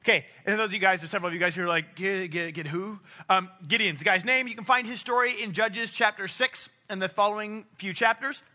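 Man, preacher, sermon, casual storytelling, high voice, sharp bright tone. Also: fast talker, few pauses. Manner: storytelling, acts out characters in quotes; casual, frequent restarts and stammers.

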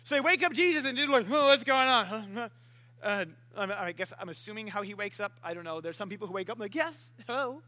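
A man's voice: sits high, expressive, quick pace, hardly any pauses, pushed and bright. A man preaching a casual sermon, joking and acting out voices as he tells the story.

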